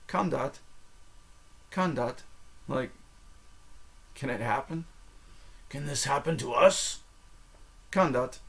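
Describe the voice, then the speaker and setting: An American man hosting a casual language lesson, repeating phrases slowly, self-mocking and laughing often. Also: mid-range voice, husky. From United States. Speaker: podcast host.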